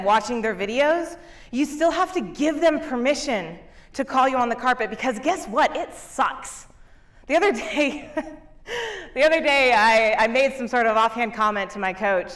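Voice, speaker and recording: A woman business coach giving a motivational keynote talk on a conference stage, energetic and often laughing as she talks to the crowd. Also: fairly high pitch.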